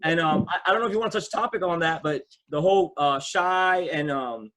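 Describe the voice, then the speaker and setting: A man hosting a casual call, talking in loose, excitable slang with lots of repeats. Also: a little high, a little fast, crowd noise. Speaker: host. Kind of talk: casual chat.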